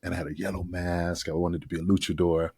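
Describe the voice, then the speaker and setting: A man, a guest on a podcast, telling a long story in a casual, animated way, laughing and swearing as he goes. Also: low-pitched, fast talker, breathy edge, dry recording. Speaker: guest, former wrestler. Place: podcast studio.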